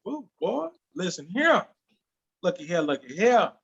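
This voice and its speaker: A man's voice: sits high, sing-song, a little slow, vocal fry, fairly bright tone, lo-fi sound. A man chatting playfully as a guest on a podcast, laughing often and drawling his words. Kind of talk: casual chat.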